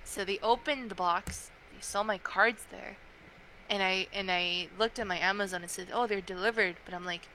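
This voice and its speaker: Bright-voiced young woman telling a story. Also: medium pitch, normal speed, slight background noise, poor audio. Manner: animated, chatty, many fillers and restarts. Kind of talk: casual storytelling chat.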